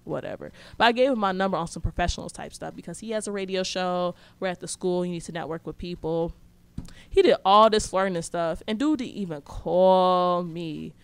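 A woman's voice: lowish voice, fast, clean tone. A young woman telling a story in casual, slangy speech, blunt and sarcastic.

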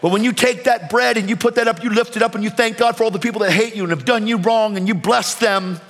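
A man from the United States preaching a sermon, fervent, swinging between shouted calls and hushed storytelling. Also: sits high, fast, big-room sound.

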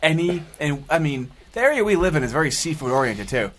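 A man's voice: a little high, very animated, fast talker, a bit bright. A man in casual podcast talk, asking curious questions with hesitant restarts. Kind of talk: casual chat.

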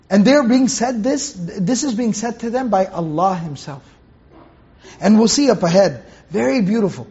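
Guy teaching a quran class, kinda raspy, repeats himself a lot, rhetorical questions, muffled lo-fi sound. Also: high voice, animated, moderate pace, a little mellow. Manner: conversational, repeats phrases, rhetorical questions, recites Arabic verses. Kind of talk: Quran commentary lecture to students.

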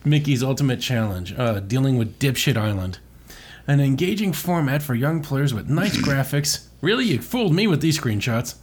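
Sarcastic co-host, a man, husky tone, crude wisecracks over reviews. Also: medium pitch, expressive, normal speed. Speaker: podcast co-host. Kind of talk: casual chat, reading old reviews.

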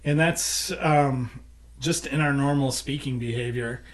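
An American songwriter and producer chats casually about songwriting, explaining ideas and humming musical examples. His voice sits at a medium pitch and he speaks in an unhurried way.

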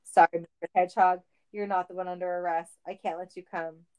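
Woman doing a low, flat male police officer. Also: brisk, highs cut off, natural voice. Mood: firm.

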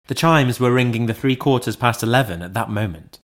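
A man with a medium-pitched voice narrates an audiobook of a classic novel, reading in a measured, dramatic way.

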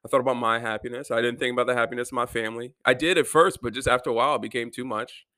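A man's voice: mid-range voice, fairly even intonation, racing, bright, forceful tone, dry recording. A young man venting in a rambling, profane personal monologue about his life. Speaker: vlogger.

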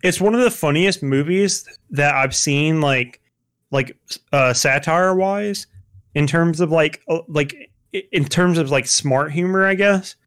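A man's voice: a little high, a little slow, fairly bright tone. A young man chatting casually about films, rambling with lots of fillers and restarts.

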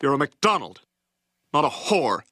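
A man's voice: fairly high pitch, big pitch swings, measured pace, bright, forceful tone, no room sound, clean studio sound, exaggerated voice. A man voicing a clownish cartoon mascot dad who hurriedly scolds his daughter. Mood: scolding. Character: clownish male mascot dad, strict and flustered. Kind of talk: cartoon voice acting.

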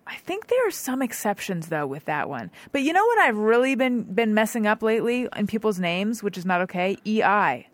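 A woman hosting a relaxed talk show, chatty and quick to laugh, her pitch rising and falling freely as she talks. The voice is dry and close to the mic, with no reverb. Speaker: podcast host. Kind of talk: casual chat.

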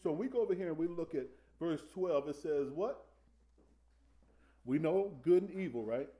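Mellow-voiced preacher man. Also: fairly high pitch, expressive. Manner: conversational preaching with call-and-response questions; slows down to stress scripture. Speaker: preacher teaching Sunday school. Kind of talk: sermon.

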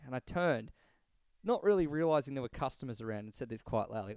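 A man's voice: mid-range voice, lively intonation, moderate pace, no echo. A young Australian man spins a rambling anecdote on a podcast, swearing often and laughing at himself. His voice sits mid-range and sounds close and dry, with no room around it. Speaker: podcast co-host. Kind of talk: casual chat.

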